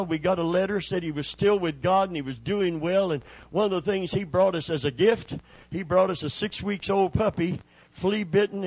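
A man's voice: no room sound, low-quality recording. A man preaching a sermon as a pastor, telling folksy stories, calling for amens and swelling into emphatic peaks. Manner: preaching with sudden swells in pitch and loudness; folksy storytelling with calls for amen.

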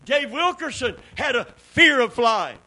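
High-voiced Southern preacher, call-and-response. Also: male voice, very animated, measured pace, sharp tone, poor audio. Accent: Southern American. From American South. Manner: call-and-response, folksy storytelling, rising to fervent peaks. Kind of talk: sermon. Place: church before a small congregation.

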